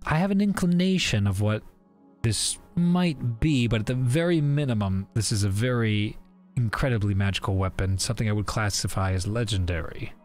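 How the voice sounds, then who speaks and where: A man's voice: fairly low pitch, normal speed, darkish tone. Guy running a tabletop game, lots of ums, faint music behind. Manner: hesitant, many ums and uhs. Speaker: game master. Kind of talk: narrating a tabletop game and playing an enchanter.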